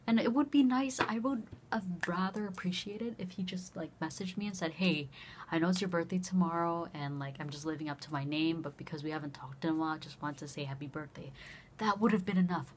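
A young woman vlogger casually telling a story, animated and swearing freely as she acts out both sides of a conversation. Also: lowish voice, a little fast, a little hiss or hum.

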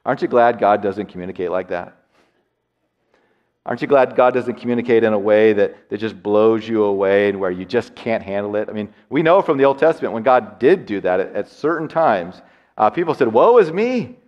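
A pastor with a fairly low voice delivers a sermon, dropping to hushed tones and then rising to loud, lively storytelling. He repeats words as he builds a point. The recording carries a long church-hall reverb and a dull, lo-fi sound. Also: a little fast. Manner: swings from hushed, near-whispered lines to loud, excited storytelling. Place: church sanctuary.

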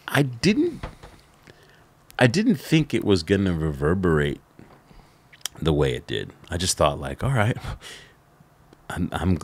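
A middle-aged man, a podcast guest, telling stories in a casual interview, animated and laughing, with lots of "like" fillers. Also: low-pitched.

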